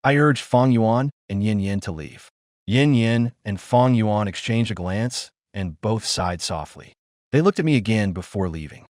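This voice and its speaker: Man, scripted story narration, expressive, lively intonation, dry close sound. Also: fairly low pitch, measured pace, dry recording. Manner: expressive, emotional reading.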